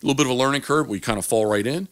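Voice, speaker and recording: A man's voice: racing, no echo. A man in his forties, a hunting guide, telling stories in a casual interview and acting out the quoted dialogue. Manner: animated, acts out quoted dialogue with big pitch jumps. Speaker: waterfowl hunting guide, guest.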